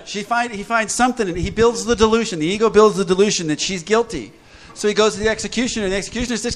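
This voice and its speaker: A man leading a recovery group talk, lively and joking, acting out little voices as he explains. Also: high-pitched, racing, hardly any pauses. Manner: lively, jokey, acts out voices. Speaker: recovery workshop speaker.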